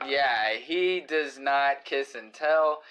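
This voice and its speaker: A man's voice: medium pitch, slow, a bit bright, muffled recording. A man co-hosting a casual comedy podcast, joking loosely and swearing freely. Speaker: podcast co-host.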